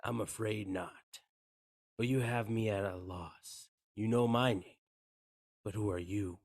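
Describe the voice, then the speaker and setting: A man's voice: lowish voice, fairly even intonation, a little slow, gravelly, no echo, studio quality. A man reading a cold, scheming male terrorist leader from a script, stumbling over some words. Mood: cool, mocking.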